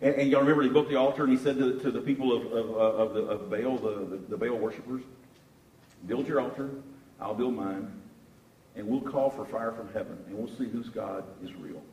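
A man preaching a sermon, telling a Bible story with animated rises and restarts. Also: medium pitch, a little fast, a little hiss or hum. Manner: animated storytelling, repeats words while searching. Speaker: pastor. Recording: echoey room from far off.

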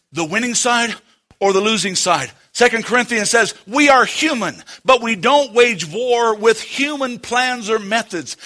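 A man preaching a sermon, speaking to the congregation with dramatic pauses and moving between loud and hushed delivery. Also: extremely high pitch. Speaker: pastor. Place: church.

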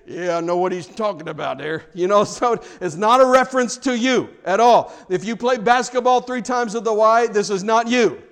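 High-voiced preacher, conversational and fervent. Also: male voice. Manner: conversational, rising to fervent emphasis; jokes with the congregation. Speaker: pastor. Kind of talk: sermon.

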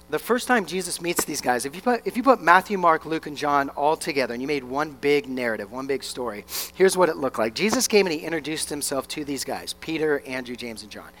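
A young man preaching a sermon as pastor, animated and acting out the voices of his listeners and of Jesus. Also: fairly high pitch.

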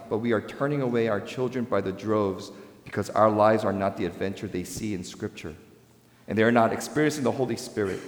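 A male pastor preaching a sermon, swinging between loud, rising emphasis and quiet, low asides. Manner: dynamic preaching with sharp swings in pitch and volume. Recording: echoey hall with long reverb.

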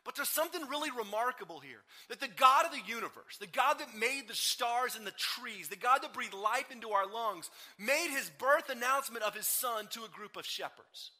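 A man preaching a sermon as pastor, retelling scripture stories with animated, acted-out quotes. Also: extremely high pitch, normal speed, hardly any pauses. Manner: animated storytelling, acts out quoted lines.

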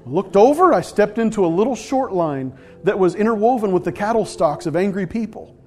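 A man preaching a sermon, telling a story with animated swings from loud outbursts to hushed asides. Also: sits high, a little fast, soft background music. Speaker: pastor.

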